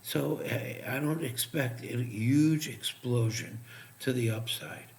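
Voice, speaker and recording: A man giving profane, sarcastic live trading commentary, muttering asides as he checks charts, while his voice is going hoarse. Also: mid-range voice, takes it slowly, darkish tone. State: losing his voice. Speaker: crypto trading streamer.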